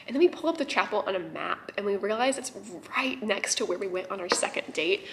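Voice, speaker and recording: A young woman telling a personal story to camera in an excitable, chatty vlog style, with lots of "like". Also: mid-range voice, fairly quick, few pauses, a little hiss or hum. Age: young adult. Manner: chatty, excitable, heavy use of "like". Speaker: vlogger.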